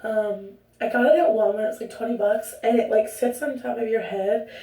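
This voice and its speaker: A chatty young woman vlogger talks casually to the camera in an echoey room, rambling and interrupting herself. Her voice is a little high with a dark tone, delivered at normal speed, and she's distant from the mic.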